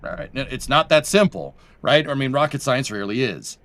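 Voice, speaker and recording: A man's voice: medium pitch, expressive, a little fast, a bit bright, no echo. Chatty male livestream host. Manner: rambling, self-correcting, chatty. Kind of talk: casual livestream chat.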